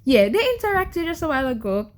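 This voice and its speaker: A woman's voice: high-pitched, very animated, fast talker. A young adult woman talking casually to camera in a reading vlog, exasperated, often stammering and repeating herself and firing rhetorical questions at her viewers. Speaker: book vlogger.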